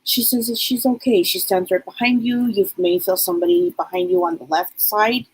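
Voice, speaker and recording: A woman's voice: medium pitch, steady tone, normal speed, husky, low-quality recording. A woman psychic medium giving a live reading, chatty and rambling as she passes on what spirits tell her.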